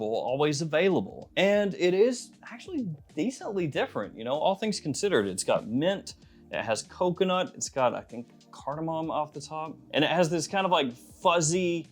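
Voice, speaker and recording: A man with a Southern accent talking casually through fragrance reviews in an easygoing, musing way. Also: a little high. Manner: chatty, easygoing, muses aloud.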